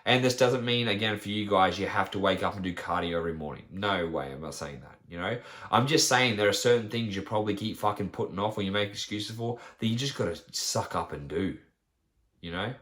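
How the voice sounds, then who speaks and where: A man's voice: lowish voice, a little fast, a bit bright. A man, a fitness trainer, ranting bluntly and profanely on his solo podcast. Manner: blunt, profane, rants with mocking quoted voices.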